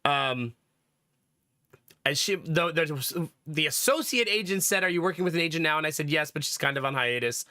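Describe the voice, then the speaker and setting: A man's voice: on the high side, animated, moderate pace, sharp tone, no echo, studio quality. A man with a cold, telling a story to his stream chat in a casual, laughing way. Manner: chatty storytelling, laughs often, acts out quotes. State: has a cold.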